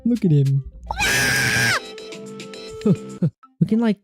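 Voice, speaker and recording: A woman streamer chatting excitedly and giggling through casual gameplay commentary. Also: on the low side, drawn-out words, shouting, music in the background.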